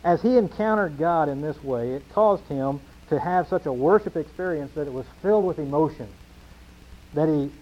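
Pastor, male, slightly high voice, emphatic repeating cadence, dull lo-fi recording. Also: normal speed. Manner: emphatic, repetitive preaching cadence. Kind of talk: sermon.

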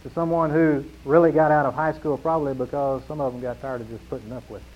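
A man's voice: medium pitch, steady tone, fast. Emphatic preaching man, muffled recording. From New Mexico, USA. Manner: emphatic preaching with rhetorical repetition, swinging between loud and hushed. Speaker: pastor. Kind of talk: sermon.

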